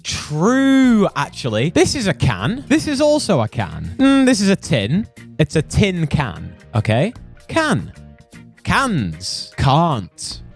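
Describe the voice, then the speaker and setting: A young British man rants with mock outrage, his voice swinging widely in pitch and sitting a bit high. He exaggerates and swears for comic effect in a streamer's commentary. Faint music plays underneath. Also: huge pitch swings, slow pace, slightly rough. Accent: British English. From United Kingdom. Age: young adult. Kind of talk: comedic ranting commentary.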